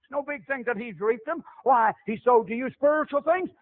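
High-voiced preacher man, tinny recording. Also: brisk. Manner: emphatic, repetitive preaching cadence. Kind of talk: sermon. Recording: tinny phone-like lo-fi audio.

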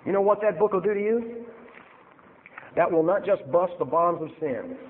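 A male preacher telling a story in a sermon, acting out both sides and getting loud and heated. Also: high-pitched, lively intonation, normal speed, in a large hall, phone-quality sound, slight background noise.

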